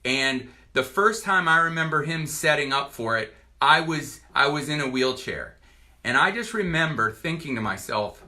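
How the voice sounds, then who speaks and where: Earnest man in his forties, sharp voice. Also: fairly high pitch, animated. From Virginia, US. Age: 40s. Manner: earnest, halting, with restarts. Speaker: doctor giving a product testimonial. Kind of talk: personal testimonial to camera.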